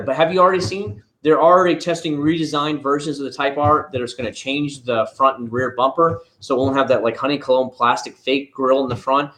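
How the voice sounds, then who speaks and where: A man's voice: medium pitch, a bit bright. A man streaming live from his living room at home, chatting casually and answering his chat in a rambling way.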